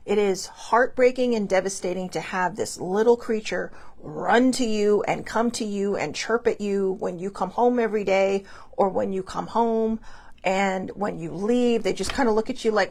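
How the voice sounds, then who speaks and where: A woman hosting her own show, talking casually and emotionally about losing a pet, halting and restarting often. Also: mid-range voice, vocal fry, a little mellow. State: tearful, grieving. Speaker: host. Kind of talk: casual personal talk.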